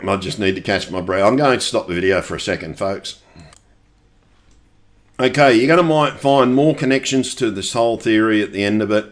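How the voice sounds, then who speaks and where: A man's voice: lowish voice, a bit bright. A middle-aged man delivering a rambling, profane, insistent monologue for his video channel. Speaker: conspiracy video maker.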